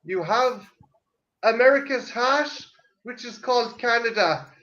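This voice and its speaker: An Irish man with a high, bright voice talks in loose chat, tripping over his own words and cursing as he goes. The sound is dull and lo-fi. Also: animated, unhurried, a little hiss or hum. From Ireland. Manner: profane, stumbling restarts. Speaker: podcast co-host. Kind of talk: casual chat.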